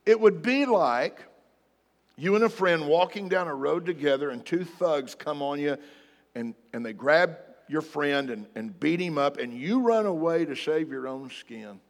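A man preaching a sermon to a congregation in a church hall, emphatic, swinging between loud declarations and soft asides. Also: a little high, expressive, measured pace. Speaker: pastor. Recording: long hall reverb, faint music behind.

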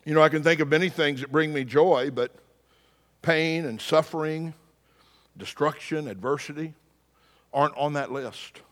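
Male pastor, sermon, animated storyteller, slightly high voice, long hall reverb. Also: normal speed, pauses often. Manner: storytelling, animated, wry humor.

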